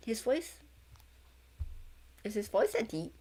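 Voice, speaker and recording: A young woman reads a novel aloud in a casual stream, tripping over words and fixing them as she goes. Her pitch bounces in a lively way. She keeps breaking off to chat about what she sees. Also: normal speed. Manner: stumbling, self-correcting reading, breaks into chatter. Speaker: VTuber reading a novel aloud. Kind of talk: casual read-along.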